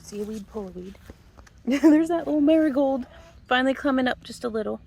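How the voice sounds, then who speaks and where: This Missouri homestead vlogger sits high in pitch, speaking expressively and fairly quickly with a creaky, darkish tone and a breathy edge. She chats folksily through a casual walk around her backyard garden, laughing often.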